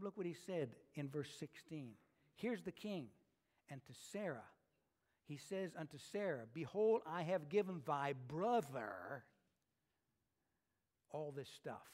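Casting: male pastor, high voice, folksy animated sermon with casual asides.

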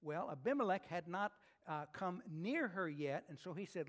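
Casting: male pastor, high voice, folksy animated sermon with casual asides. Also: moderate pace, few pauses.

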